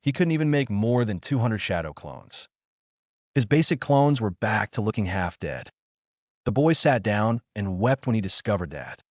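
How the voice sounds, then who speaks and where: A man reading a fan-fiction story aloud as narrator, in expressive storytelling. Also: on the low side, moderate pace, no room sound, clean studio sound.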